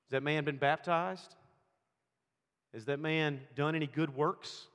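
A man preaching a sermon, swinging between loud emphatic lines and hushed, quiet storytelling. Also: fairly high pitch, fairly even intonation, measured pace, smooth. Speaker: pastor. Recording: long hall reverb.

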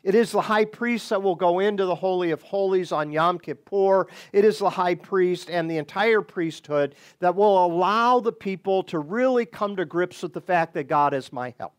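A man teaching on a Bible passage in a deliberate way, with sudden bursts of emphasis. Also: sits high, clean tone.

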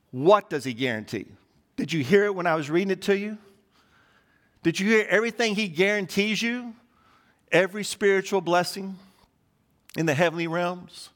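High-voiced male preacher, emphatic. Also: fairly bright tone. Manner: emphatic, repetitive listing cadence. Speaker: pastor. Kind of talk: sermon.

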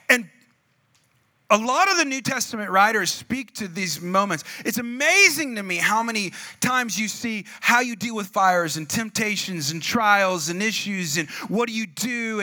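Animated, bright-voiced man preaching a sermon. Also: sits high. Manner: animated storytelling, acting out voices, shouting asides to the congregation. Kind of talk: sermon with a comic personal story.

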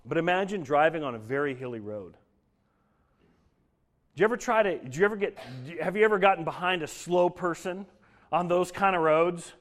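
A young man from Denver giving a sermon, telling a personal story in an earnest way that grows lively as he preaches. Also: a little high, fairly quick. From Denver, Colorado. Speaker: pastor.

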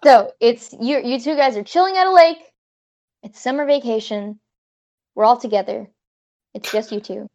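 Woman, casual comedic storytelling, rambling with profane asides, slightly high voice, lo-fi sound. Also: darkish tone. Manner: rambling, swearing, quick asides. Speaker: improv scenario narrator.

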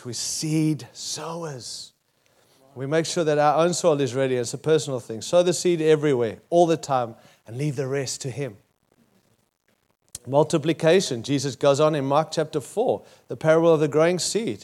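A man with an Australian accent preaches in a high voice. He is emphatic and drives his points home with short, repeated phrases. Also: darkish tone. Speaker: pastor. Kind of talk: sermon.

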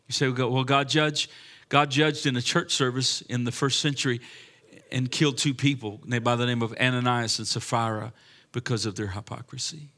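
A man's voice: mid-range voice, fairly even intonation, normal speed, sharp tone. A man preaching a sermon with impassioned delivery and frequent restarts. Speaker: pastor.

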